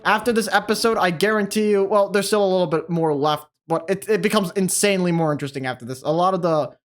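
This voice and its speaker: Excitable swearing man with a high voice. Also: fast talker. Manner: excitable, swears often, laughs a lot. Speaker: gaming channel host. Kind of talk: casual let's play commentary.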